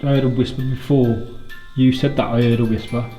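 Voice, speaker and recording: Mellow-voiced blunt man, echoey bunker. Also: medium pitch, little pitch movement, brisk, soft background music. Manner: blunt and skeptical, swears freely. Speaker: paranormal investigator, lead of the team. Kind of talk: casual chat during a ghost hunt. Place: underground bunker. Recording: echoey underground room.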